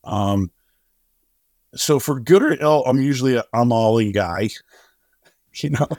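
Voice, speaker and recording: An unhurried middle-aged man with a mid-range voice, a singer-songwriter and charity co-founder, tells a long interview story with lively acted-out dialogue. The sound is clean studio quality with no echo.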